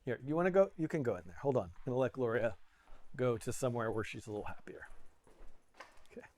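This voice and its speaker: A man's voice: medium pitch, very animated, fast talker, darkish tone, a little hiss or hum. A man hosting a live coding tutorial from a home studio, talking in a playful, chatty way and laughing at himself. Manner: playful, self-deprecating, chatty with frequent laughs.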